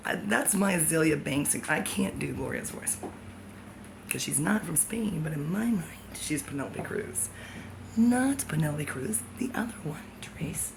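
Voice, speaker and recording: A woman with a fairly low voice rambles through a vlog monologue, hopping from one thought to the next and laughing along the way. A clear layer of background noise sits under her voice. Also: lively intonation, a little slow. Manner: free-associating, jumpy, laughs often.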